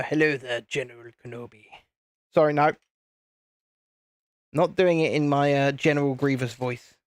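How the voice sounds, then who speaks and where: A man's voice: medium pitch, no echo. A British man hosting a casual live stream from his home setup, chatty and rambling as he answers viewers. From United Kingdom. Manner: chatty, rambling, reads viewer chat aloud. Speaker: livestream host. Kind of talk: casual live stream chat while building.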